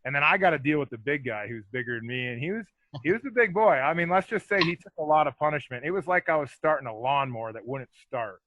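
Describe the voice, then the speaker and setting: A middle-aged man, a former hockey enforcer, telling rambling, animated stories as a podcast guest. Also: on the high side, fast, lo-fi sound, noisy background. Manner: rambling, animated, lots of fillers. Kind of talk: casual storytelling.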